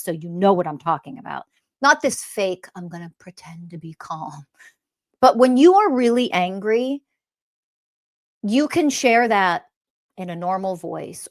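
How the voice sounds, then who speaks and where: A woman hosting her own podcast, ranting bluntly and profanely about spirituality, swinging between loud outbursts and quiet, calm stretches. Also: medium pitch. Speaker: podcast host and spiritual teacher. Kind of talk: impassioned podcast rant.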